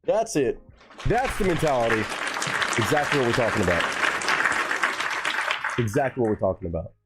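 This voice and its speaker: Over loud music and a noisy crowd, a man hosts a relaxed live stream, reacting to music and chatting with viewers at a normal speed. He's lively and swears freely, his voice jumping to a high pitch when he's surprised.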